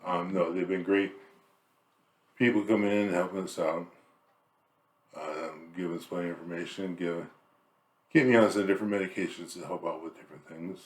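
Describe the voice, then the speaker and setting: A man's voice: low voice, fairly even intonation, normal speed, long pauses, echoey room. Weak, winded man with dry jokes. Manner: dry joking, teasing. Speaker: husband sharing an illness update. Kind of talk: casual chat.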